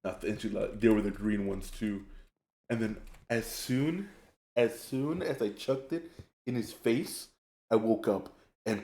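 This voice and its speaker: A young man streaming a game, telling stories in a rambling, animated way and laughing often. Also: lowish voice, measured pace, roomy sound. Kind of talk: casual chat while gaming.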